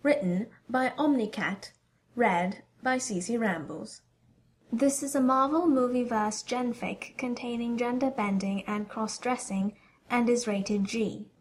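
A woman's voice: fairly high pitch, a little slow, a little hiss or hum. Woman reading a story aloud. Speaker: audiobook reader. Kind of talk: storybook narration of fan fiction.

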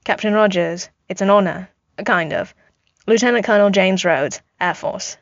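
Exasperated pilot guy, rises to a yell, read by a woman; dry muffled audio. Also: mid-range voice, moderate pace, no echo, close to an everyday voice. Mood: wry. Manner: yelling, exasperated. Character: exasperated adult male air force officer. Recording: dull lo-fi home recording.

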